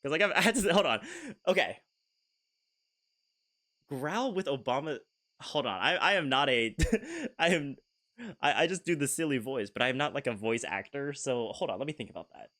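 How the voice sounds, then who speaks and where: A man's voice: medium pitch, animated, moderate pace, pauses often, sharp tone. A man streaming a game in casual chat, self-deprecating and giggly, often stammering and restarting his sentences.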